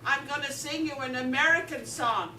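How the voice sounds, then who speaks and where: A woman's voice: sits high, moderate pace, pushed and bright, slight background noise. A woman from Ireland with an Irish accent, telling jokes at a live event with chatty asides to the audience. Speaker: comedian. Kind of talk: live stand-up joke telling. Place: live event in a veterans home hall. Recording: roomy hall from far off.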